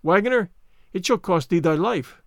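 A man's voice: sits high, lively intonation, moderate pace, no room sound, clean studio sound. A man voicing a taunting little sparrow. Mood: menacing. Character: mocking vengeful little sparrow.

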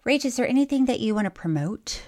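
Woman, co-host, casual podcast chat, giggly, animated pitch, quirky emphasis. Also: fast. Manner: giggly, reads listener mail with odd emphasis.

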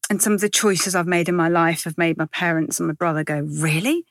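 A woman's voice: on the low side, fairly even intonation, quick pace, no room sound, clean studio sound. A woman in her forties, a comedian from Iran, talking candidly and rambling a little in a casual interview. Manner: chatty, candid, rambling with self-corrections. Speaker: comedian guest.

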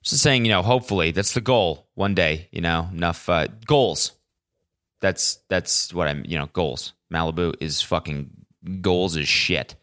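A man's voice: low-pitched, a little slow, a bit bright, no echo, clean studio sound. A young man hosting a solo podcast, telling stories in a casual, rambling way with lots of swearing and fillers. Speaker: podcast host.

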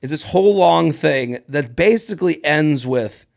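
A man's voice: fairly high pitch, measured pace, vocal fry. A man co-hosting a podcast in casual chat, telling stories with lots of energy, acting out other people's voices, swearing freely and laughing often. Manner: animated storyteller who acts out other people's voices. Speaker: podcast co-host.

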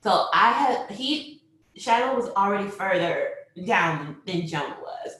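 A young woman telling a personal story, animated, acting out what people said and laughing often. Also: mid-range voice, a little slow. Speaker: mother telling her birth story. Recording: very echoey room.

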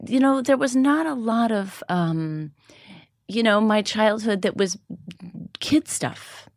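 A woman's voice: a little high, takes it slowly, no echo. Reflective woman in a dry interview. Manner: reflective, conversational. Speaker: guest. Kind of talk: casual interview.

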